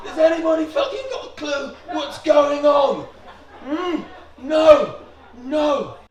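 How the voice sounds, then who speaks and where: A man shouting questions out to a crowd, laughing between them. His voice is very high and he drags the words out slowly. He sounds far off, in a strongly echoing space. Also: expressive. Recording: echoey and distant.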